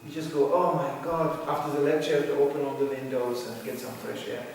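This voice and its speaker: A man giving an animated devotional lecture, mocking voices and laughing as he teaches. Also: mid-range voice, fast, creaky, a little hiss or hum. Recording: echoey hall from far off.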